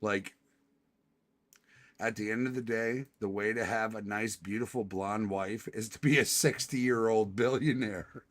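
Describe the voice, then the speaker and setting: A man's voice: fairly low pitch, measured pace. A male streamer doing a casual reaction stream, profane and exasperated, cursing and laughing often.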